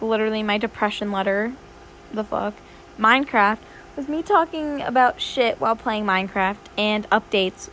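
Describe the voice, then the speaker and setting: A woman's voice: a little high, fairly bright tone, a little hiss or hum. A young woman hosting her own podcast, rambling and swearing a lot in a dramatic, casual chat. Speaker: podcast host.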